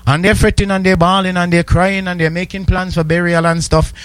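A man preaching with fervor, stacking one repeated declaration on another and pushing toward a shout. His voice sits a little high for a man. The sound is close and dry, with no room around it. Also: flat delivery, brisk, hardly any pauses, no room sound. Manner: rhythmic, repetitive declarations, rising to shouts. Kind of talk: sermon.

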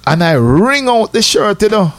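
Animated Jamaican man telling a story. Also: moderate pace, no echo. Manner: animated, repeats "you know", rises in pitch for drama. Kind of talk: casual personal storytelling.

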